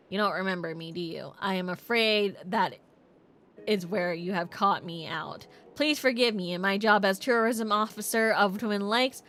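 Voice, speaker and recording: A woman voicing a formal, rambling small-town tourism officer in a video game, speaking slowly and low. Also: a bit bright, lightly acted. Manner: formal, slow and long-winded.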